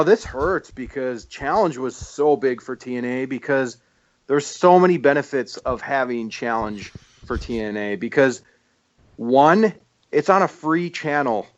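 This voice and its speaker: A man of middle pitch explains things steadily in casual podcast talk. His voice sounds dry and slightly dull, as from a basic mic. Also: no echo. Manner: measured, explanatory. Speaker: podcast co-host.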